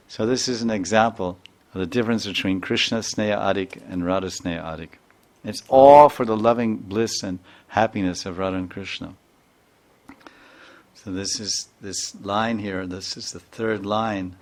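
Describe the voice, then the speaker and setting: Low-voiced man giving a spiritual talk. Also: normal speed. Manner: earnest storytelling with repetitions. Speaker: spiritual teacher. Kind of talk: sermon.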